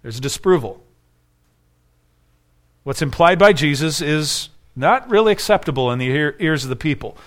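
Emphatic male pastor, fairly high voice. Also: animated, normal speed, pauses often, fairly bright tone. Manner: emphatic, with rhetorical questions. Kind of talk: expository sermon.

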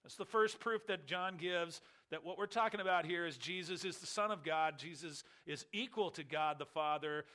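Male pastor, slightly high and bright tone, emphatic expository preaching with deliberate repetition. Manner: emphatic, repeats key words, explains Greek terms. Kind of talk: expository sermon.

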